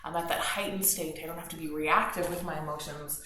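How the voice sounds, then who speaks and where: A woman teaching a gentle yoga class, talking in an encouraging, conversational way. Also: low-pitched, steady tone, brisk. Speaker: yoga instructor. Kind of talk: guided yoga class instruction. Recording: very echoey room with faint noise. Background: faint background noise.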